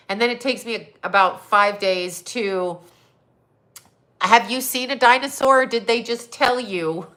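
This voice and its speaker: A middle-aged woman, a psychic and astrologer, chatting on a livestream in a hoarse, scratchy voice, mocking and sarcastic, laughing often and swearing. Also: medium pitch, a bit bright. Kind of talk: casual livestream chat.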